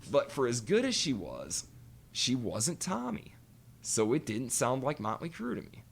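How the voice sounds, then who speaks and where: A man's voice: medium pitch, wildly swooping pitch, unhurried, vocal fry, slightly rough. A man co-hosting a podcast, chatting casually and animatedly, cursing freely and telling stories with quoted voices. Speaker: podcast co-host. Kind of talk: casual chat.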